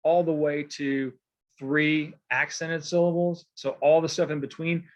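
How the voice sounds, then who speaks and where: Brief: male lecturer, slightly high voice, loose and chatty, keeps asking "okay?". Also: little pitch movement, measured pace, dull audio. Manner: casual, filler-heavy, checks in with "okay?"; writes on a board while explaining. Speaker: poetry teacher. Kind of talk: recorded lecture.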